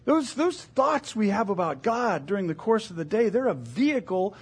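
A man's voice: high-pitched, sing-song, normal speed, breathy edge. A middle-aged man preaching a sermon as a pastor, in an earnest, conversational way with self-deprecating asides.

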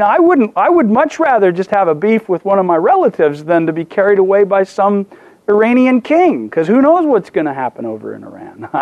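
High-voiced man preaching a sermon. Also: a little mellow, no echo, lo-fi sound. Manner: storytelling with self-deprecating humor and many restarts. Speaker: pastor.

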